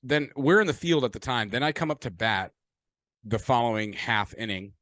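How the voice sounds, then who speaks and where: A man's voice: mid-range voice, normal speed, no echo. A man co-hosting a podcast, telling stories in a casual, profane way and acting out what people said. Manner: profane animated storytelling with acted-out quotes. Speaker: podcast co-host. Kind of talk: casual chat.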